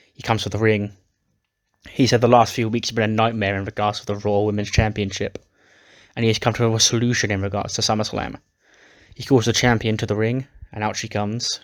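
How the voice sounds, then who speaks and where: A man narrating a wrestling simulation playthrough, recapping matches casually. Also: on the low side. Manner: recaps storylines casually with swearing. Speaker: game player narrating.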